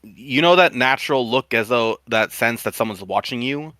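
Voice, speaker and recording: A man running a tabletop game as game master, describing the scene in a halting, unhurried way with frequent restarts. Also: medium pitch, pushed and bright, dry recording.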